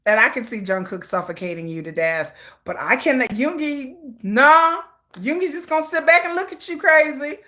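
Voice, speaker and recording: A woman hosting a casual livestream, chatting in a playful, gossipy way. Her high voice swings all over the place, and she breaks into laughter often. The tone is bright and sharp. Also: lively intonation, normal speed. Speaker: livestream host. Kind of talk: casual storytelling chat.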